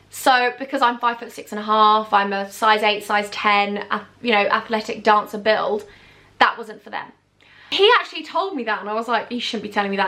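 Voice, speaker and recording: Chatty young woman telling a storytime. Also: fairly high pitch. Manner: animated, acts out quoted people. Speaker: YouTuber. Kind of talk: storytime vlog.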